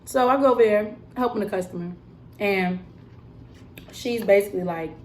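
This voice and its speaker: A young woman telling a story in a casual, animated vlog style, emphatic and full of fillers. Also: medium pitch, moderate pace. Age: young adult. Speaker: vlogger and cosmetics counter worker.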